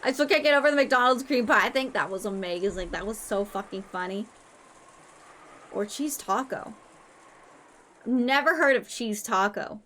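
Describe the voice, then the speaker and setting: Young woman streamer, swears constantly, playful, slightly high voice. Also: expressive, moderate pace, pauses often, fairly bright tone. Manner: crude, swears a lot, playful. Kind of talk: casual live-stream chat.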